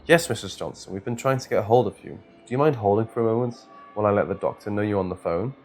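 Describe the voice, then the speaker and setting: A man's voice: fairly low pitch, a little mellow, lightly acted. A man voicing a kind young female receptionist in a horror story reading. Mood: polite. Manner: polite, quick.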